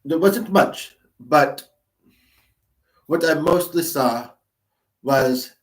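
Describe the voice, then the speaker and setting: The spirit of a departed older man speaks, as a man puts him on, his voice lightly gravelly like a longtime smoker and touched with a faint Middle Eastern lilt. He sounds reflective and subdued. The sound is roomy and the mic sits well away. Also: fairly high pitch, drawn-out words, distant mic. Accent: slight Middle Eastern tinge.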